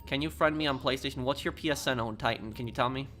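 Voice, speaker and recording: A man's voice: medium pitch, fast, bright, forceful tone, slight background noise. A man live-streaming a video game, reading viewer messages aloud and answering them in a rambling, hesitant way with frequent ums and restarts.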